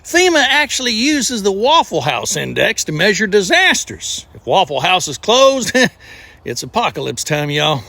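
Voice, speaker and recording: A man's voice: high voice, bright, forceful tone, no echo. A man with a Southern US accent hosting a scripted comedic trivia show, folksy and exclamatory with punchy jokes. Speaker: host.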